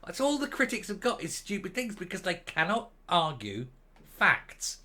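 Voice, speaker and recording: A man's voice: high-pitched, sing-song, moderate pace, sharp tone. A man giving opinionated, sarcastic commentary on a news article in a ranting manner. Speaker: commentary vlogger.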